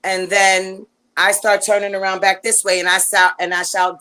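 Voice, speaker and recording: A woman guest telling a long story in casual chat, animated and rambling, with lots of fillers and restarts. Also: mid-range voice, moderate pace, rough recording.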